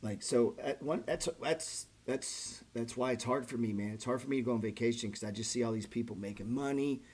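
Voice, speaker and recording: A middle-aged man with a slightly husky voice hosts a casual trading livestream. He talks bluntly and profanely, rambling in loose, conversational sentences full of "man" and "bro". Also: mid-range voice, fairly quick, a little mellow. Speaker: trading channel host.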